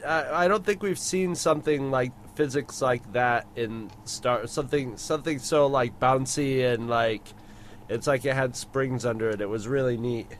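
A man chatting as a podcast co-host, enthusiastic but halting as he gathers his thoughts. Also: medium pitch, a little hiss or hum. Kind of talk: casual chat.

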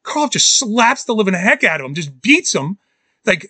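A man co-hosting a podcast in casual chat, excitably acting out movie scenes in quoted voices. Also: sits high, fairly quick, dry recording. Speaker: podcast co-host.

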